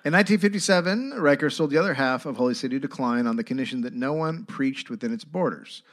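Brief: mid-pitched male podcast host, reading documents aloud. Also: fast. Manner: reads documents aloud, often breaking into laughter. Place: live podcast stage.

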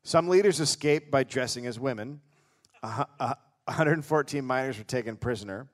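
A man hosting a live comedy podcast, telling a history story in a deadpan way and reading out quotes. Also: medium pitch, moderate pace.

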